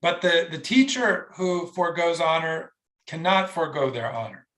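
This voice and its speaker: A man's voice: fairly high pitch, animated, moderate pace, a bit bright. A male professor lecturing on a Talmud passage, reading out Hebrew and Aramaic quotes and then translating them, in a loose, casual way with frequent fillers and restarts. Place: synagogue hall.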